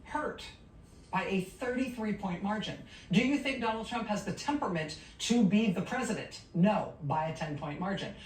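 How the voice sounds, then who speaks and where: A woman hosting a news show, reading out poll results in a rapid question-and-answer rhythm, with wry, sardonic asides. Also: expressive. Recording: roomy, distant sound with faint rumble.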